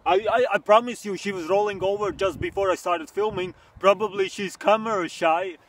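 A man hosting a mock tutorial comedy vlog outdoors in a park, with an earnest, deadpan delivery and stammered restarts. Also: high-pitched, normal speed, slight background noise. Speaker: comedy vlogger.

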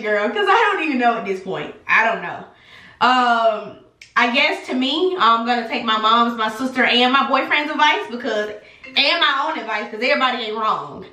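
A young adult woman telling an animated, sassy storytime to her viewers in a casual vlog. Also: on the high side, moderate pace. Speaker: vlogger. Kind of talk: casual storytime chat to camera. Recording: echoey room.

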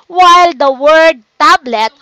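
A woman with a Filipino accent teaching a children's phonics lesson online in a slow, coaxing teacher voice. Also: high-pitched, pushed and bright, no echo. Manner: slow, coaxing teacher talk, reading out learners' names. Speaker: online tutor.

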